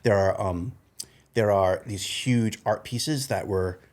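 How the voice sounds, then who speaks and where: A man with a slight New England accent tells kitchen-business anecdotes in an easy, animated way. His voice sits a little low, and he breaks into laughter as he talks. It is a casual podcast conversation. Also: takes it slowly. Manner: animated, laughs through anecdotes, frequent restarts. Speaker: chef and restaurateur, podcast guest.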